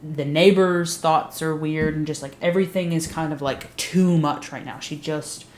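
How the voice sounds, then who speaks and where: A woman's voice: deep voice, steady tone, moderate pace, a little mellow. A young adult woman recapping a TV series in casual, blunt, emphatic talk, swearing freely. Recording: roomy echo.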